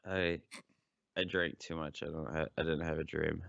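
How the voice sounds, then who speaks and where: A man's voice: very deep voice, level tone, moderate pace, gravelly, a bit bright, no echo, muffled recording. A tired man co-hosting a podcast, meandering playfully in casual chat. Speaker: podcast co-host.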